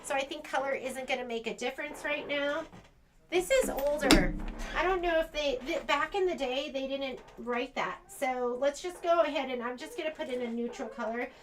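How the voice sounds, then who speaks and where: A chatty American woman with a high voice walks through a machine embroidery project step by step. She thinks aloud and corrects herself as she goes, over a faint hiss in the background. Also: moderate pace. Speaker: sewing shop instructor. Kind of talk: embroidery demonstration. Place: sewing shop.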